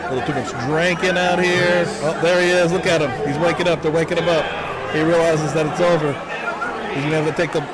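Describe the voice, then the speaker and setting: A male host reacting to a clip in a casual, profane, animated way. His voice sits a bit high. A loud crowd and heavy noise from the played video run underneath. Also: fast talker.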